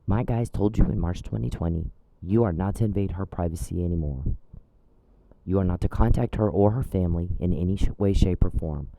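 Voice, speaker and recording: A man's voice: low-pitched, brisk, gravelly, warm tone, dry recording, low-quality recording. A man speaking an angry direct-address monologue, blunt, scolding and profane. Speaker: channel host.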